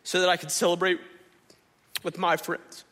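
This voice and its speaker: A man preaching, playing a resentful older brother who rants indignantly and rises to shouts. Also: on the high side, steady tone, moderate pace, big-room sound, close to an everyday voice. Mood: bitter. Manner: ranting, rising to shouts.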